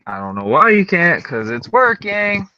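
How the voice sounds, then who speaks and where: A man's voice: high voice, big pitch swings, moderate pace, bright, forceful tone, slight background noise. A male podcast host talking candidly in loose, run-on sentences during a casual chat. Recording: dull lo-fi recording.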